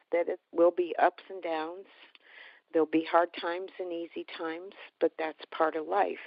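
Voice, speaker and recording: A woman telling a heartfelt personal story in a halting way, often restarting her sentences. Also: lowish voice, no room sound. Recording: dull, slightly lo-fi recording.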